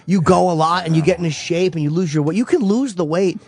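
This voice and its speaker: A man in his forties talks bluntly on the radio, cutting in with crude jokes. His voice sits a little high for a man, and he speaks plainly and with urgency. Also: fast, darkish tone, dry recording. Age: 40s. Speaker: radio co-host. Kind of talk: casual radio chat.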